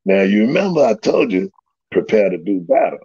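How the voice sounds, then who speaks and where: Guy, gravelly husky voice, swings way up and down telling his story, dull lo-fi sound. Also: lowish voice, fairly quick. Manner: animated, laughing, swearing, acts out quotes. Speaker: storyteller guest. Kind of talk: casual storytelling. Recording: dull lo-fi recording.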